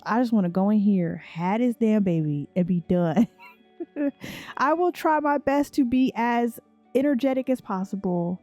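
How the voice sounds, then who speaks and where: A young woman hosts a relaxed let's play, sounding tired but chatty as she talks straight to her viewers. Her voice is warm and mellow, with a laugh never far off. Soft music plays faintly underneath. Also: medium pitch, moderate pace, dull audio. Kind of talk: casual gameplay commentary.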